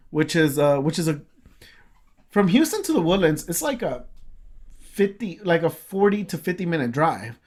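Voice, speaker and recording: A man co-hosting a casual podcast, telling a long story with many fillers, restarts and swear words. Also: a little high. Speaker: podcast co-host.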